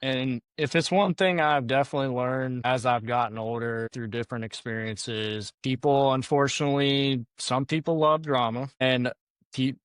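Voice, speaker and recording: A man's voice: medium pitch, fairly even intonation, normal speed, clear, resonant tone, no echo. A middle-aged man hosting a podcast interview, who shares his own reflections between frequent short words of agreement. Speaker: podcast host.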